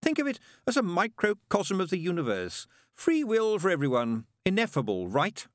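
A man's voice: high-pitched, wildly swooping pitch, moderate pace, no echo, studio quality, pitched above the performer's own voice. A man voicing a sardonic, impatient male demon who snaps and grumbles sarcastically. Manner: snappish, sarcastic.

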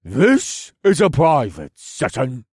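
A man's voice: mid-range voice, huge pitch swings, takes it slowly, a little mellow, dry recording, clean studio sound, full character voice. A man voicing a pompous, snappish old duke. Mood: curt. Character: pompous, irritable older male duke, a noble.

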